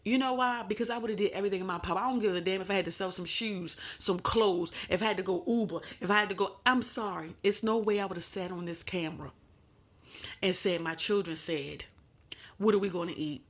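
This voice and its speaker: A woman's voice: mid-range voice, brisk. A woman hosting a reaction commentary, bluntly scolding and giving emphatic advice. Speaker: host.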